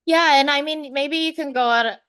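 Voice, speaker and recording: A woman's voice: high voice, a little fast, a bit bright. A woman in her thirties, a podcast guest, giving frank advice in casual chat, full of "you know" and "like" fillers.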